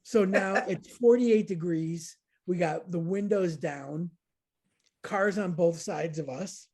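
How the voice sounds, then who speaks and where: Woman, 30s, husky, breathy, animated storyteller, casual chat. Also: takes it slowly. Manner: animated, laughing, acts out quotes in a high voice.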